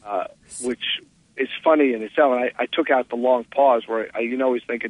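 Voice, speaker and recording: A man, an actor guest, telling animated stories and acting out quotes in a casual interview. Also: brisk, no room sound. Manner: animated storyteller, acts out quotes with big pitch jumps. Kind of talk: casual phone interview storytelling. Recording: tinny phone line.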